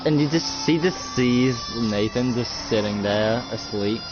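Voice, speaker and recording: A man's voice: medium pitch, unhurried. A man running an improvised roleplay as game master, narrating in a rambling way full of fillers. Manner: rambling, filler-heavy storytelling. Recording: dull lo-fi recording with music. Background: loud background music.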